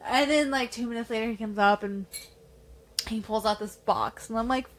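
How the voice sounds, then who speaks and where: A woman on a casual podcast, telling a story in an animated, profane way. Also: fairly high pitch, normal speed. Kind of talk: casual chat.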